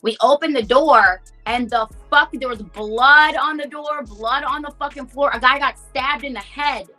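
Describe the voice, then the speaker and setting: Bright-voiced woman, blunt and swearing. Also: sits high, a little slow, soft background music. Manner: candid, swears a lot, uses "like" as filler. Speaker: rapper guest. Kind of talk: casual interview storytelling.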